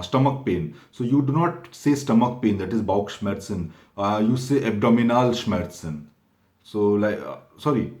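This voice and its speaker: A man talks viewers through a topic in an informal, step-by-step way. His voice sits at an ordinary middle pitch, and he often pauses and restarts to correct himself. The room around him is echoey. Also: a little mellow. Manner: halting, frequent self-corrections, explains step by step. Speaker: exam prep channel host. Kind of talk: informal explainer talk to camera.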